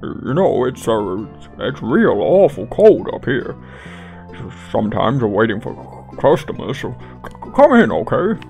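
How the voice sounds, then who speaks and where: A man's voice: medium pitch, very animated, measured pace, gravelly, darkish tone, soft background music. A man voicing a male merchant who stutters from the cold. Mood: shivering.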